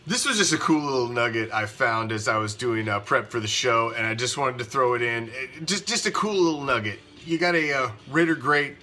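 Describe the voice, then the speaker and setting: Male host, bright edgy tone, casual intros, light music behind. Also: medium pitch, a little fast, hardly any pauses. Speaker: show host. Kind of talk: casual sports show hosting.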